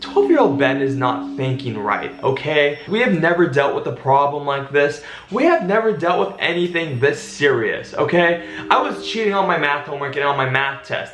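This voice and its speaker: A young man in a casual storytime vlog, telling a story in an animated, dramatic way. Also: a little high, echoey room. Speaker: vlogger.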